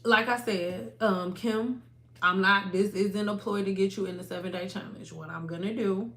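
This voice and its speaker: A woman hosting a hair care livestream from home, talking to her viewers in a casual, animated and emphatic way. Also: medium pitch, normal speed.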